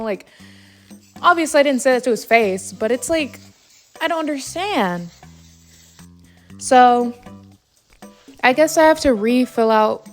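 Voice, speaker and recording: Late at night at home, a young female vlogger games and spins a story into a long, fed-up, meandering rant full of filler words. Her high-sitting voice is animated and moves at normal speed, broken by long pauses, with faint music underneath.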